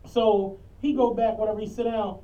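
A man, a podcast co-host and bus driver, telling stories in a loud, animated, profane way. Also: high voice, normal speed. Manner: animated, profane, acts out quotes. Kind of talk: casual storytelling chat. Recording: muffled lo-fi audio from a distant mic.

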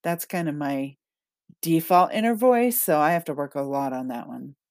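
A woman hosting a casual solo podcast about self-talk, chatty and quick to laugh as she reads out listener comments. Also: low-pitched, a little mellow, dry recording. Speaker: podcast host and manifesting coach.

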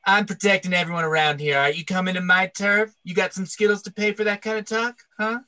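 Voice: medium pitch, steady tone, fairly quick, bright, forceful tone. An improv comedian doing tough-guy characters with a threatening swagger.

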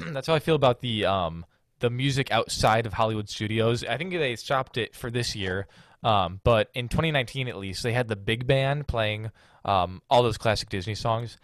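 Co-host: friendly man, mid pitch, dry close recording. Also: animated, normal speed, fairly bright tone, no echo. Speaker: podcast co-host. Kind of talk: casual chat.

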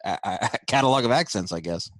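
Low-voiced man with a Brooklyn accent. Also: animated, brisk, fairly bright tone, no room sound. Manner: chatty, laughs easily. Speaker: host. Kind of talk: casual radio talk.

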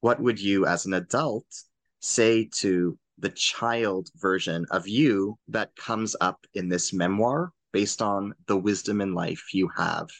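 A man's voice: sits low, slow, creaky. A man interviewing an author, asking long, careful questions.

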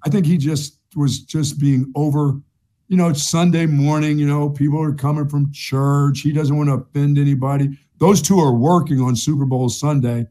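Mellow-voiced chatty man telling a story. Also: on the high side, steady tone, normal speed. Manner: chatty storyteller, repeats himself, laughs at his own tale. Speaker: sports talk show co-host. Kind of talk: casual sports chat, storytelling.

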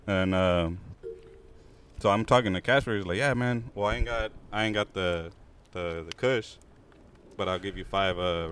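A man's voice: low voice, slight background noise. Slangy young man telling a street story. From Los Angeles. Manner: slangy, profane, animated storytelling. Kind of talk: casual storytelling among friends.

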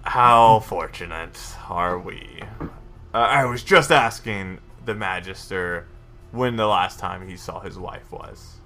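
A man's voice: deep voice, takes it slowly, bright, forceful tone, pitched below the performer's own voice, full character voice. A man voicing an earnest, formal male justicar who presses blunt questions. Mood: probing.

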